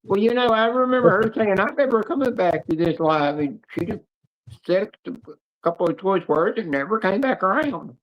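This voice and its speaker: A woman's voice: mid-range voice, lively intonation, normal speed, muffled recording. A woman co-hosting a livestream in casual chat, telling rambling, crude stories. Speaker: livestream co-host.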